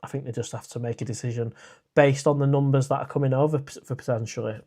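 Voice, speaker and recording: This is a man, sitting in on his own casual live stream and answering viewer comments. His voice sits at an everyday middle pitch. He talks in a loose, rambling way, stopping often to restart a thought or fill a gap with "uh.". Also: steady tone, fast, dark tone. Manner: chatty and rambling, with frequent "uh" and restarts.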